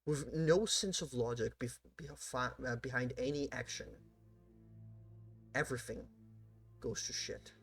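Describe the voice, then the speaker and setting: A man's voice: medium pitch, a little slow, pauses often, a bit bright, slightly rough, faint music behind. A man running a tabletop role-playing game, narrating events in a casual, swearing way. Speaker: game master.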